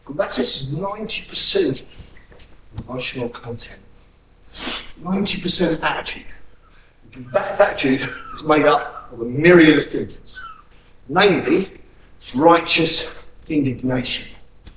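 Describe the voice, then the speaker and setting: A man's voice: fairly high pitch, fairly bright tone, far from the mic, a little hiss or hum. A man teaching a hands-on self-defence class, blunt and profane, barking drill commands between explanations. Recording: echoey room, voice from afar.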